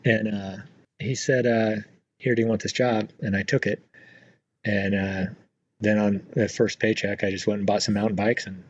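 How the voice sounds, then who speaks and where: A middle-aged man, a retired Marine aviator, telling his story as a guest in a relaxed, rambling way with many fillers. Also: fairly low pitch, normal speed, dull audio. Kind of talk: casual storytelling interview.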